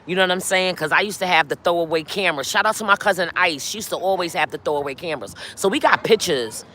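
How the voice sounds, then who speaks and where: Fast and sharp-toned, with a lowish voice, this middle-aged New Yorker runs a casual outdoor live stream from a city street. She chats straight at her viewers with plenty of "y'all," over slight background noise.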